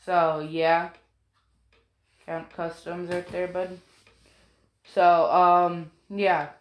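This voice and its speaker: Slow, distracted woman in an echoey room. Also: fairly low pitch, little pitch movement, dull audio. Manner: distracted, apologetic, swears casually. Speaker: storyteller. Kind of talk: rambling casual narration. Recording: roomy echo.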